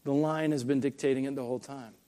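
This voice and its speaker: A man voicing a great, solemn male lion, reading his lines slowly and gravely from a storybook. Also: medium pitch, fairly even intonation, warm tone, pitched below the performer's own voice, close to an everyday voice.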